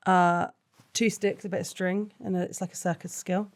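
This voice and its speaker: A woman comedian as a guest in a casual chat interview, joking in quick banter. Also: on the low side, flat delivery.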